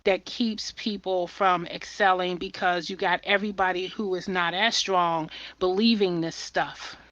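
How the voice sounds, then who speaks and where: A woman's voice: fairly low pitch, steady tone, measured pace, fairly bright tone, no echo. A woman hosting a podcast who talks with fervent, preachy conviction and often repeats her words. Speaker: podcast host. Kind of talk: impassioned podcast conversation. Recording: dull muffled audio.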